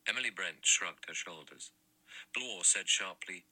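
A man narrating an audiobook in an even, measured reading. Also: deep voice, dry recording, poor audio. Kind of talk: scripted narration.

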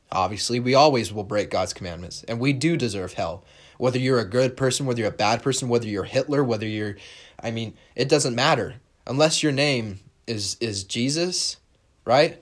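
A man hosting a solo podcast in a casual monologue. He talks bluntly and emphatically, swears casually and reads verses aloud. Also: medium pitch. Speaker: podcast host.

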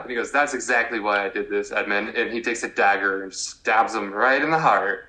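A man's voice: lowish voice, normal speed, pushed and bright. A young man co-hosting a podcast, chatting casually and acting out characters' lines with lots of filler words. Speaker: podcast co-host. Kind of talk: casual recap chat. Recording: echoey room.

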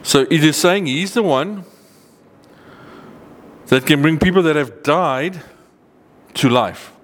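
Earnest preacher man with echoing reverb. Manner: earnest, emphatic, rises in pitch on key points, slows to read verses. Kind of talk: sermon teaching with scripture reading.

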